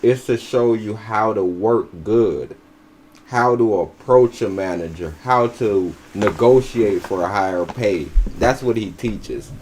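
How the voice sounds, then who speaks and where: A man's voice: lowish voice, slow, a little mellow, a little hiss or hum. A man giving blunt, profane, mocking commentary as a podcast co-host. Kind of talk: casual commentary.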